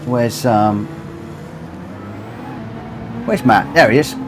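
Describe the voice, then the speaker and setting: A man's voice: medium pitch, very slow, noisy background. A man hosting a charity gaming livestream, emotional and grateful, repeating his thanks as he gets choked up. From United Kingdom. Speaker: livestream host and racing gamer.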